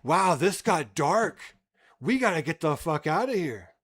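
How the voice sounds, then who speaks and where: A man's voice: on the high side, big pitch swings, unhurried, fairly bright tone. A man ranting bluntly and profanely in casual livestream commentary. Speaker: streamer.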